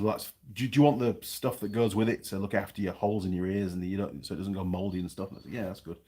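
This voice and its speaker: NZ bloke, low husky voice, rambling self-mocking storyteller for a casual vlog. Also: male voice, a little mellow. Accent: New Zealand. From New Zealand. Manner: rambling, self-mocking, restarts mid-sentence. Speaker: vlogger.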